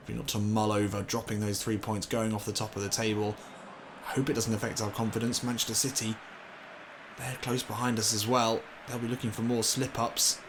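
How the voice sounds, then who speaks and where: A man commentating on his own football video game session, excitable and swearing, shouting when things go wrong. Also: fairly low pitch, noisy background. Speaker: gaming commentator.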